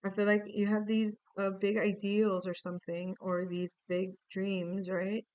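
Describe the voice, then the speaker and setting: A woman's voice: mid-range voice, level tone, a little slow, darkish tone, clean tone, no room sound, muffled recording. A woman giving a casual, playful tarot reading, chatting to her viewers while recording on her computer. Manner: chatty, playful, sings snatches of song. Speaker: tarot reader.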